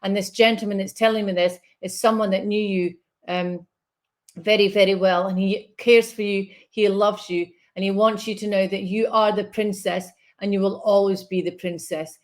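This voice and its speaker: A woman's voice: medium pitch, fairly even intonation, moderate pace. A woman working as a spiritual medium in a live online reading, speaking in a soothing, reassuring way and often checking in with "okay?".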